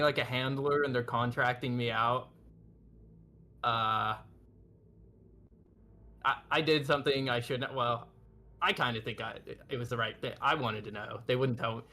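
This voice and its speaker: A man's voice: medium pitch, bright, forceful tone. A man playing an awkward young soldier who stammers and halts.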